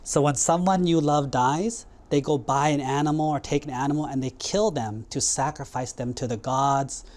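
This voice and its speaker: Man, buddhist monk, sermon storytelling, plain simple words, lively quotes. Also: medium pitch, normal speed.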